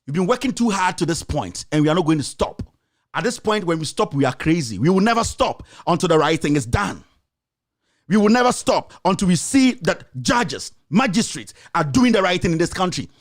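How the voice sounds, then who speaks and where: A man's voice: sits high, sing-song, moderate pace. A man with a Ghanaian accent hosting a show, delivering impassioned political commentary full of rhetorical questions and confrontation. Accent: Ghanaian English. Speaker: host.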